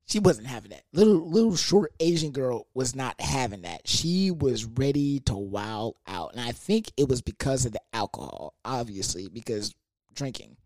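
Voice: medium pitch, normal speed, no room sound, clean studio sound. Young adult telling a profane party story. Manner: animated, profane, comedic storytelling; loose slangy delivery with frequent fillers. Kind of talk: casual storytime monologue.

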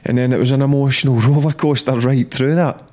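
A middle-aged man, a former player, talking football in a blunt, animated, repetitive way. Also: mid-range voice, a little fast. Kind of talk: casual football chat.

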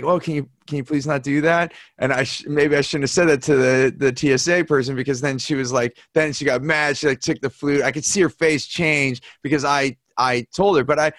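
A man's voice: mid-range voice, a bit bright, dry recording. A man hosting a casual conversation, telling a long personal story in a candid, rambling way.

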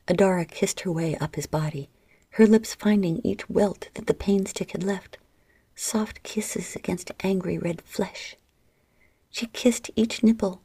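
A woman narrating an erotic story in a soft, half-whispered delivery close to the mic. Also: lowish voice, breathy edge, dry recording.

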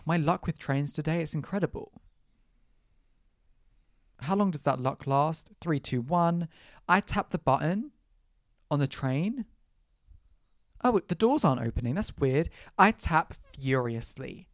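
A man's voice: a little high, animated, moderate pace, pauses often, dry recording, studio quality. A man telling a personal story as a podcast host, chatty and dramatic, with quoted asides and the odd swear word. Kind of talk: casual storytelling monologue.

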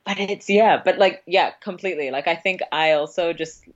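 British woman, 20s, low voice, giggly casual chat, muffled lo-fi sound. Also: normal speed. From Britain. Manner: giggly, chatty. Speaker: podcast guest. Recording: muffled lo-fi audio.

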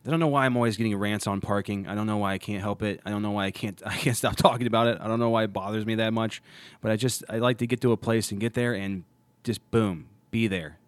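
Deep-voiced guy on a podcast, talks quick, keeps stopping and restarting, dry close sound. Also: fairly even intonation, clean tone, no echo. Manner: rambling, self-interrupting, many restarts. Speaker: podcast host. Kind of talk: casual chat.

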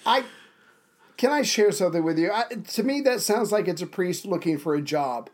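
A man's voice: high-pitched, lively intonation, normal speed. A man co-hosting a casual history podcast, summarizing events and dropping wry, sarcastic asides. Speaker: podcast co-host.

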